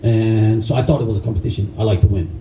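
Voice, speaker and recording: A middle-aged man who is a karate instructor, telling animated stories to a live audience, laughing often and acting out the people he quotes. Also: fairly low pitch, quick pace, very noisy. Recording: echoey room, voice far from mic.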